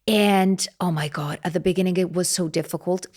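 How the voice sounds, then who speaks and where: A young woman from Italy chats casually in English as a guest, laughing and lively while she explains things through examples. Her voice sits on the low side and she talks fairly fast.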